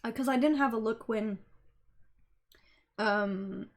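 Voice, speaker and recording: High-voiced excitable woman game streamer. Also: takes it slowly. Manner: excitable, swears freely. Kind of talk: casual live-stream commentary.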